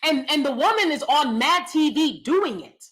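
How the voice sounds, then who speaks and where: A woman in her thirties hosting a casual commentary stream, animated and emphatic, rambling with asides and reacting to chat. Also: sits high, moderate pace, low-quality recording. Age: 30s. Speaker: commentary channel host.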